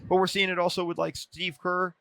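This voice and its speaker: A man with a bright, forceful voice tells behind-the-scenes stories as a podcast guest. He is animated and often restarts his sentences. His voice sits a little higher than most men's and sounds close and dry. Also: creaky, no room sound. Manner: animated storyteller with quick restarts. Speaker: podcast guest, former NBA video coordinator. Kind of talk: casual storytelling.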